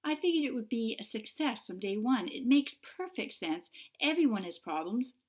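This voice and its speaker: A woman's voice: fairly high pitch, animated, moderate pace, voice pushed up. Woman doing eager young witch, insistent, audiobook character. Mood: earnest. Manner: insistent, pleading.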